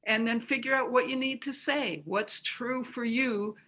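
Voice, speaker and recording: A woman's voice: fairly high pitch, fairly even intonation, measured pace, bright, forceful tone. A woman who is an author, guesting on an interview and giving practical coaching tips step by step. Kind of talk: conversational interview.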